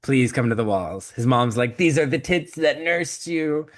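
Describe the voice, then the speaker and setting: A podcast co-host retells a story during casual chat, comic and profane, acting out each character with quick shifts of voice. His pitch sits in the middle range and his intonation is lively.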